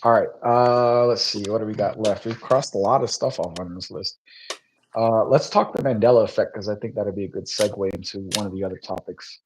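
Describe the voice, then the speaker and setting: A man with a fairly low voice hosts a podcast, chatting in a relaxed, easygoing way. He laughs easily and keeps the talk loose. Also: a little fast, a little hiss or hum, low-quality recording. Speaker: podcast host. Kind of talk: casual chat.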